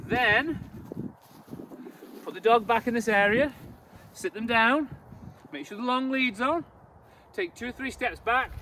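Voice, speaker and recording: A man's voice: extremely high pitch, moderate pace, bright, forceful tone. A man working as a dog trainer, giving emphatic, repetitive instructions during an outdoor training demonstration. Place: outdoors, open ground. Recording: distant voice with outdoor noise.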